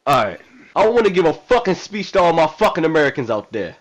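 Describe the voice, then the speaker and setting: A man's voice: on the high side, very animated, fast talker, rough recording. A man voicing a brash, hot-tempered male president in a video game role-play drama, rambling in profane street slang. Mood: defiant.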